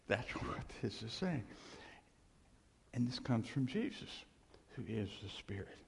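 A man preaching an informal sermon, animated and self-deprecating, with rambling asides. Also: on the high side, unhurried, vocal fry, husky, long reverb tail.

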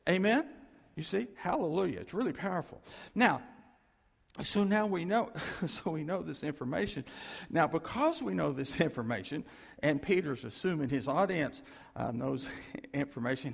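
A man preaching a sermon in an animated way, chuckling often and calling out to the congregation for a response. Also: fairly high pitch, vocal fry, breathy edge, long reverb tail.

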